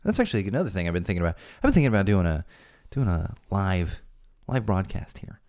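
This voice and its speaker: A man hosting his own podcast from a home studio talks in a low-pitched, slightly mellow voice, very animated and quick. His casual solo talk is sprinkled with jokey asides and rambling restarts.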